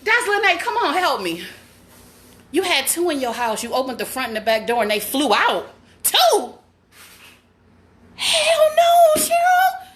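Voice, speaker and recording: A woman vlogging from her home, loud, laughing and cursing in a frantic panic. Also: high-pitched, expressive, normal speed, roomy sound. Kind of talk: panicked live vlog to viewers. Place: home indoors.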